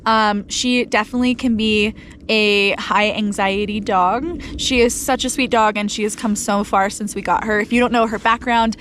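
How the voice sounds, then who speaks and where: A woman's voice: medium pitch, steady tone, moderate pace, a bit bright, slight background noise. A young woman vlogging casually outdoors by a mountain lake, chatty and upbeat, talking to the camera and giving commands to her dog. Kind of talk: casual vlog talk to camera.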